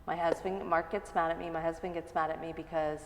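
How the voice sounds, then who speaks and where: Earnest, lower-voiced woman guest. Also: fast talker, long reverb tail. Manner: earnest, animated when telling stories. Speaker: interview guest, mother. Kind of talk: casual interview chat.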